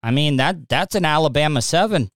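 A man's voice: fairly high pitch, expressive, fairly quick, fairly bright tone, dry recording, studio quality. A man reacting to a news clip in casual commentary, blunt and mocking. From Southern United States.

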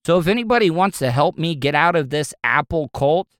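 A man's voice: on the high side, expressive, brisk, fairly bright tone, clear, resonant tone, dry recording, clean studio sound. A middle-aged man from Florida, a radio host, ranting casually and profanely, often stumbling and repeating words. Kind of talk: casual solo rant.

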